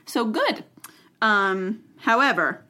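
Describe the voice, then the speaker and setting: A woman with a bright, forceful voice narrates history in relaxed podcast chat. She jokes, laughs often and fills her pauses with ums and likes. The tone stays loose and playful. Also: medium pitch. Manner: joking, laughs often, filler-heavy. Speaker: podcast host telling history. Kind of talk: casual chat.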